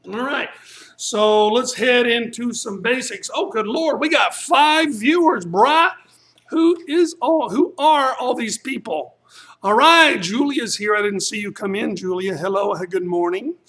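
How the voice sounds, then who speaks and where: A man's voice: high voice, fairly bright tone. A man coaching a live-streamed workout as a martial arts instructor, casually talking through moves and counting breaths aloud. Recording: echoey room.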